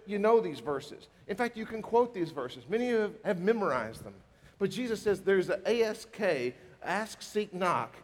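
A man preaching a sermon as a pastor, emphatic and animated, acting out bits of dialogue. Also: sits high. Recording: reverberant hall.

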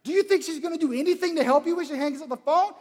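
A man's voice: extremely high pitch, racing, big-room sound, voice pushed up. A man voicing a blunt, no-nonsense father who scolds his grown son. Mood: exasperated. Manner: exasperated, plainspoken.

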